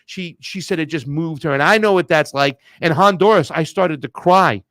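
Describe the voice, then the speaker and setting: A man's voice: a little high, normal speed, a bit bright, no echo. A man co-hosting a casual political chat show, blunt and heated, talking in loose slang. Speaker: co-host.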